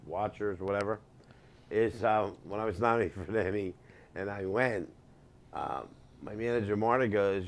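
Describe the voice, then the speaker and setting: A man's voice: fairly low pitch, moderate pace. A middle-aged man, a guest comedian, telling road stories in casual chat with punchy joke delivery. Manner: storytelling, punchy joke delivery, quotes people in changed voices.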